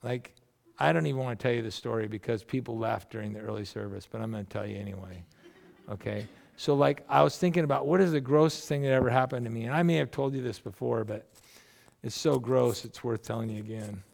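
A man's voice: mid-range voice, quick pace, gravelly, a little mellow. A middle-aged man, a pastor, preaching a sermon in a loose, conversational storytelling way, often restarting his sentences.

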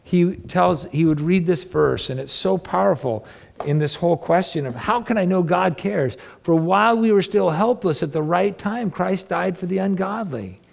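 A man's voice: high-pitched, normal speed, creaky. A man preaching a sermon, reading scripture and asking his listeners earnest rhetorical questions. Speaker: pastor.

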